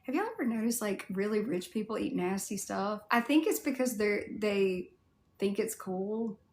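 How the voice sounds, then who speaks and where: A woman's voice: medium pitch, lively intonation, normal speed, a little mellow, roomy sound. A woman with a Southern US accent, chatting casually on a livestream and answering viewer comments in a rambling way, full of "like" fillers. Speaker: cosplay streamer answering viewer chat.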